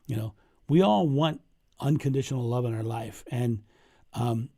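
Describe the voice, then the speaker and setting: A man's voice: medium pitch, normal speed, dark tone. A middle-aged man and spiritual coach answering viewer questions on a livestream, telling stories in an earnest way and repeating phrases for emphasis. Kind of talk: livestream Q&A monologue.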